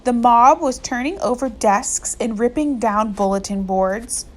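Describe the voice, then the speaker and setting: A woman reading a novel aloud in steady storytelling narration. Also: fairly high pitch, a little slow. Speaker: audiobook reader.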